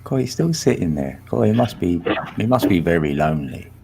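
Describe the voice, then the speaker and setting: A man's voice: low-pitched, sing-song, a little fast, vocal fry, noisy background. A man hosting a live stream panel in casual, slangy chat, laughing often.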